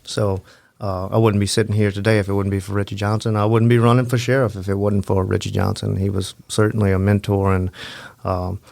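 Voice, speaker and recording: A sheriff's office detective in his forties, speaking as a guest with a south Louisiana accent. His voice is low and gravelly with a flat, measured delivery. The recording is dry and close. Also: no room sound. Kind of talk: guest interview. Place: studio.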